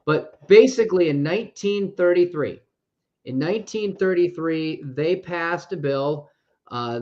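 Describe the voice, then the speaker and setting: A man's voice: a little high, a little mellow. A man co-hosting a finance podcast, talking in a rambling, conversational way and correcting himself as he goes. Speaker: podcast co-host. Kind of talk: casual podcast chat about money. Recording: dull lo-fi podcast audio.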